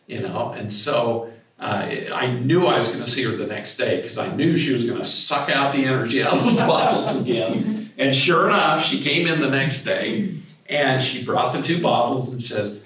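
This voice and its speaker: A man's voice: mid-range voice, normal speed. A middle-aged man giving a storytelling talk at a symposium, acting out the voices in his anecdotes with sudden bursts of energy. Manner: animated anecdote-telling, acts out dialogue with raised voice. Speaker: speaker at a symposium. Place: hotel conference room. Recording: echoey hall, voice from far off.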